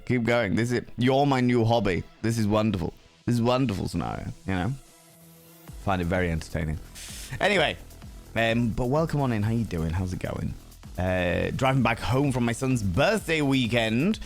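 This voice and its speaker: A man hosting a livestream, chatting casually with viewers in a playful, cheeky way with some swearing. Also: medium pitch. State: sleepy. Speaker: livestream host.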